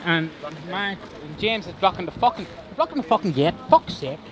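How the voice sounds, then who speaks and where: A man's voice: sits high, very animated, normal speed, a crowd in the background, low-quality recording. A young Irish man vlogging casually, joking and swearing a lot. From Ireland. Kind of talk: casual vlog chat. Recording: loud outdoor and traffic noise. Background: traffic noise.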